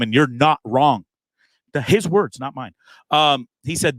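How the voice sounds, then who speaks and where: A man hosting his own live show, telling a long story in a casual, animated way, acting out the other people in it and swearing freely. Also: a little high, no echo. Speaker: host.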